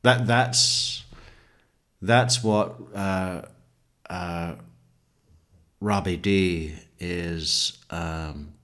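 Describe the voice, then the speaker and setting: Slow, deep-voiced sarcastic commentator. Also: male voice, fairly even intonation, fairly bright tone. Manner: mocking, rambling, chuckling. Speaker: true crime commentator. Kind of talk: sarcastic commentary over courtroom clips.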